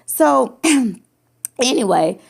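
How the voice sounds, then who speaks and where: A woman with a gravelly, creaky edge tells a raw personal story in an unscripted, conversational way. She stumbles and restarts her sentences often. She voices the other people in the story as she goes. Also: a little high, sing-song, extremely slow. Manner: emotional, repetitive restarts, acts out quoted lines. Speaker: podcast host sharing her story. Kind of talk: personal testimony, casual chat.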